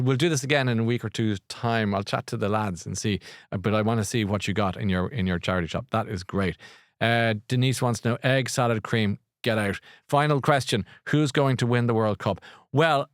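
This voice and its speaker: A man's voice: medium pitch, no echo, studio quality. A middle-aged Irish man hosting a live podcast, rambling in a chatty, easygoing way and laughing often. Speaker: podcast host. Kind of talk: casual live chat.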